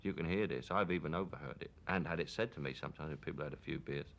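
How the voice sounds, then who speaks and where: A man's voice: a bass voice, fast talker, gravelly, fairly bright tone. A man with a Cockney accent from London, giving a frank, opinionated and reflective account in a candid documentary interview. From London, England.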